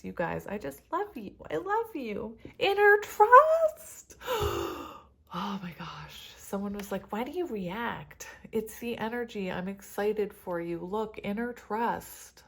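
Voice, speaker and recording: A woman's voice: mid-range voice, gravelly. A woman giving a casual tarot reading to her viewers, emotional and tearful, laughing often as she talks about spiritual love and energy. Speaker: tarot reader.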